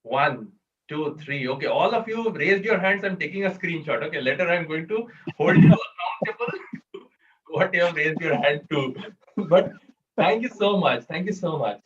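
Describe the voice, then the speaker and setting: High-voiced man coaching speakers. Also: lively intonation, moderate pace, background noise. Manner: coaching, asks audience questions. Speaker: workshop presenter. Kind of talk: online speaking workshop. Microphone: video call. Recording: distant, dull video-call audio.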